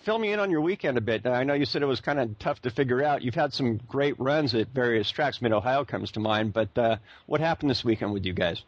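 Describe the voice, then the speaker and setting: An American man hosting a casual podcast chat at a middle pitch, rambling through lots of "uh"s and restarts. The sound is a little dull and muffled. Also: animated, brisk, few pauses, no echo. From United States. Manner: rambling, many fillers and restarts. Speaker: podcast host. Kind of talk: casual interview.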